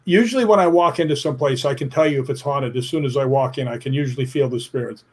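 A middle-aged man, a stunt performer, telling an animated story in a casual interview, often tagging his sentences with "right?". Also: medium pitch, fast talker, breathy edge. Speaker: stuntman and actor, guest.

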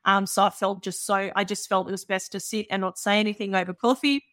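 A woman's voice: mid-range voice, brisk, dry recording, clean studio sound. Earnest woman in her thirties. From Balkans. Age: 30s. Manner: earnest and animated, with many filler phrases. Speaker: guest. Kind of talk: candid personal storytelling.

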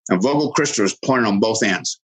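A middle-aged man earnestly telling a personal story, halting and restarting, quoting others in lively voices. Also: fairly low pitch, husky, rough recording.

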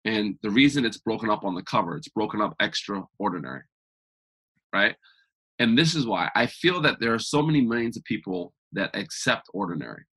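A man guest on a podcast interview, talking in an energetic, emphatic, motivational way. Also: fairly low pitch, a little fast, breathy edge. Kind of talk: conversational interview.

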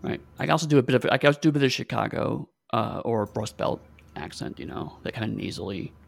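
A podcast co-host with a gravelly voice, chiming in with brief dry remarks during casual chat. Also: medium pitch, lively intonation, quick pace.

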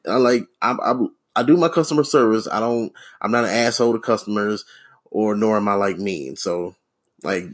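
Deadpan man on a profane solo rant. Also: lowish voice. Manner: profane, rambling, sardonic, many fillers and restarts. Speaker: podcast host.

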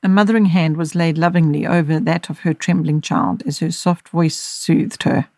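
Woman narrator, measured gentle storybook reading, dry close mic. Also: sits low, fairly even intonation, no echo. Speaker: audiobook narrator and podcast host.

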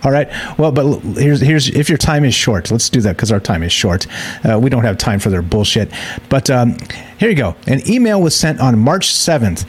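A man's voice: mid-range voice, big pitch swings, normal speed, slightly rough. Rambling sarcastic male podcast host. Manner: rambling, sarcastic, full of fillers and restarts. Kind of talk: casual live-show monologue.

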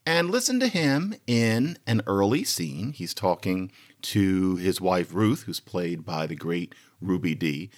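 A podcast host in lively, chatty commentary, explaining a point to listeners. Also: male voice, sits low, slow pace. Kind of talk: lecture-style commentary.

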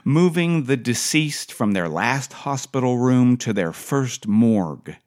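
A man's voice: mid-range voice, lively intonation, slow pace, darkish tone. A middle-aged man reading his own personal essay for a podcast in a dry, wry storytelling manner.

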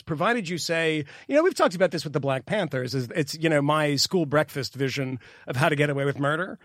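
A man's voice: fairly high pitch, fairly bright tone, no echo, studio quality. A man co-hosting a podcast, riffing sardonically in loose, rambling casual banter. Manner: sardonic, rambling riffs with fillers like "like". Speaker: podcast co-host.

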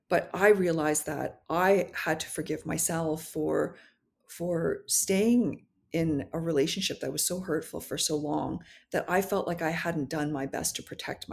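A woman who is a podcast guest and memoir author, talking candidly and thoughtfully, often pausing to search for words. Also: low-pitched, creaky. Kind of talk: reflective conversational interview.

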